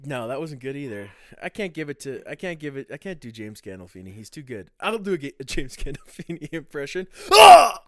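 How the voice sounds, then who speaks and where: A man's voice: mid-range voice, expressive, brisk, few pauses, no echo. A young man co-hosting a podcast in loose, casual chat, cursing freely and laughing between lines. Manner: laid-back, swears often, laughs between lines. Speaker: podcast co-host.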